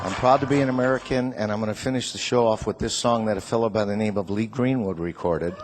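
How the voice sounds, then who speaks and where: A man's voice: on the low side, quick pace, loud music behind the voice. An older man doing a stand-up comedy routine, firing off punchy one-liners and chuckling at his own jokes. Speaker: comedian and show host.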